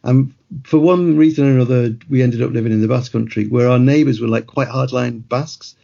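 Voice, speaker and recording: A middle-aged man spins loose, rambling anecdotes in casual conversation. His voice is mellow and gravelly with a husky edge. The audio is muffled and lo-fi. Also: mid-range voice, fairly quick. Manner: rambling anecdotal storyteller, laughs mid-sentence. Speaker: guest author.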